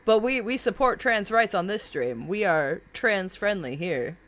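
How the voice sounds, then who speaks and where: A woman's voice: medium pitch, animated, a little slow, a bit bright. A woman streamer in casual live-stream chat, reacting to viewers' characters in a bubbly, gushing way with many fillers.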